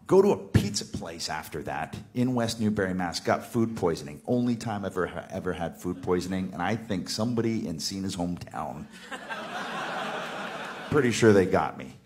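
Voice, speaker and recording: A man's voice: deep voice, expressive, normal speed. A man telling a funny anecdote in a casual way, laughing often and acting out quotes as he goes. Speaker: guest telling a story.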